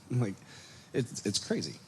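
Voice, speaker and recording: A man teaching a casual Bible study on a microphone, animated and storytelling. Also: medium pitch, a little slow, background noise. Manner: animated storytelling, acts out quotes, chuckles. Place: congregation meeting room. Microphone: microphone on a PA system.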